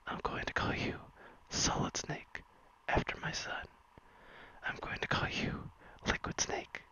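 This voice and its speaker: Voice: a little slow, pushed and bright, poor audio. A streamer whispering the repetitive lines of an old male zoo owner, as whispered role-play. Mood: musing.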